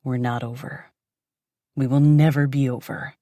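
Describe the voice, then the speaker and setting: A woman's voice: rumbling low, steady tone, measured pace, mellow, no room sound, clean studio sound, voice pushed down. A woman voicing an obsessive, unhinged young ex-boyfriend who is strained and menacing. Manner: pleading turning to menacing, strained.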